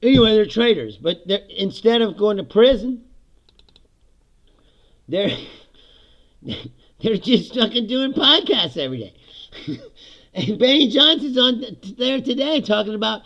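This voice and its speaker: A man's voice: high voice, a little slow, long pauses. A man hosting his own podcast, ranting casually about politics, swearing freely and laughing often between lines. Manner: profane, laughs often, animated. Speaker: podcast host. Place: home basement studio.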